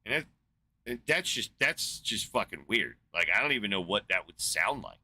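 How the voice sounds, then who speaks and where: Deep, sharp-voiced man ranting profanely. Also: big pitch swings, moderate pace. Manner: rambling, profane, filler-heavy, incredulous. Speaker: podcast host. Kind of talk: casual profane rant.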